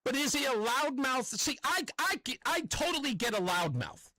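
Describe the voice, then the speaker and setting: Talk radio host, man, New York accent, high bright voice, lively and rambling, dry studio sound. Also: normal speed, no room sound, low-quality recording. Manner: animated, rambling, self-correcting. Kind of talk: opinionated talk radio monologue.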